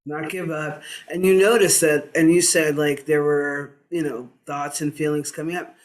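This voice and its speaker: A man, a diversity activist, speaking in a gentle, unhurried, coaching way about breathing and presence. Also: a little high, level tone. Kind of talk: calm reflective conversation on mindfulness.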